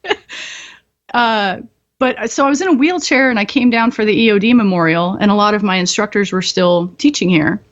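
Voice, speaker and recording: A woman at an ordinary middle pitch tells her stories frankly and with plenty of swearing, laughing between lines. The sound is slightly dull and lo-fi, as if the top end were cut off. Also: fairly quick. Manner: candid, profane, laughs often. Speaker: podcast guest, military veteran. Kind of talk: casual storytelling.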